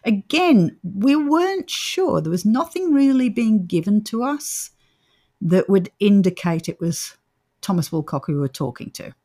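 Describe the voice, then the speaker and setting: A woman's voice: mid-range voice, lively intonation, unhurried, dark tone. A woman co-hosting a casual paranormal podcast, telling the story in a chatty way and laughing often. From Australia. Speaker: podcast co-host. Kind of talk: casual chat.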